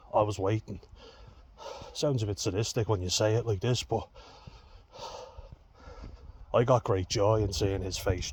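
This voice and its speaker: Male vlogger, lower voice, blunt and sweary, faint background noise. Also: darkish tone. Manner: blunt, heavy swearing, raw and frank. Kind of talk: candid storytelling to camera.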